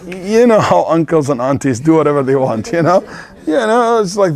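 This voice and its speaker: A man's voice: fairly high pitch, big pitch swings, normal speed. A man teaching a religious class in an Islamic center, telling a story conversationally and sprinkling in Arabic devotional phrases. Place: Islamic center lecture hall.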